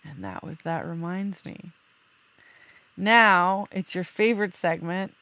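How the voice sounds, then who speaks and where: Woman podcast host, chatty and loose, easy laugh, gravelly edge, dry close sound. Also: lowish voice, slow pace, a bit bright, dry recording. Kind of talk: casual chat.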